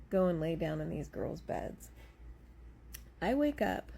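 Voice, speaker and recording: Brief: woman, relaxed first-person storyteller, gravelly fry, mellow dark tone. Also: low voice, takes it slowly. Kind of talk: casual storytime before bed.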